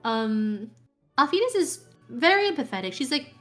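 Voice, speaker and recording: Chatty young woman going over last game session, lots of ums, kinda high voice. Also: a little slow, a bit bright, faint music behind. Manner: chatty, with many fillers and restarts. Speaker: tabletop game player. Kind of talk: casual session recap.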